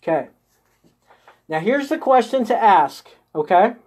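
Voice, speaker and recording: A man's voice: high-pitched, expressive, unhurried, darkish tone. Man, live-stream host, spiritual coaching, coaxing, step-by-step guidance, frequent check-ins with viewers. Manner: coaxing, checks in constantly with "okay?" and "right?"; guides listeners step by step through an inner exercise. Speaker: host of a live group session.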